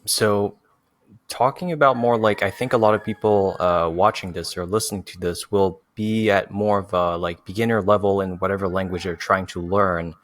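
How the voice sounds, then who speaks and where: A man's voice: sits low, steady tone, normal speed, a bit bright. A man hosting a casual interview, speaking hesitantly with many fillers. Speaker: host.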